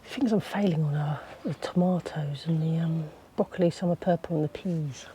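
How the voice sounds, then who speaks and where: A woman chatting casually as a gardening vlogger, talking to her dog and now and then dropping to a soft whisper. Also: deep voice, moderate pace, slight background noise. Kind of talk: casual vlog chat. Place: outdoor allotment and a quiet home.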